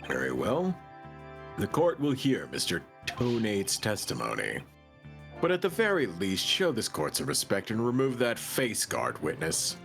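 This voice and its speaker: A weary old judge speaks in slow, formal tones, as a man puts him on. The voice sits low and lively in pitch. It sounds like a game dub done on a live stream. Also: vocal fry, soft background music, exaggerated voice. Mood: stern. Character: weary older male courtroom judge.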